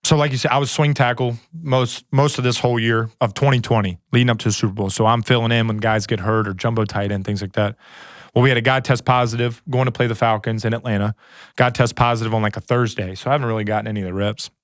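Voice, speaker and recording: A former pro football player in his thirties, appearing as a podcast guest, tells stories casually and acts out what others said in lively, animated asides. His voice is medium-pitched and fast, captured in a dry recording with clean studio sound.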